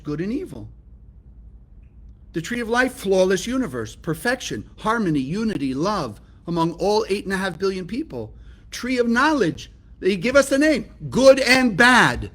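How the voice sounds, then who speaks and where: A man's voice: high-pitched, fairly bright tone. A man from California teaching a spiritual lesson, emphatic and often asking his listeners rhetorical questions. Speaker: Kabbalah teacher.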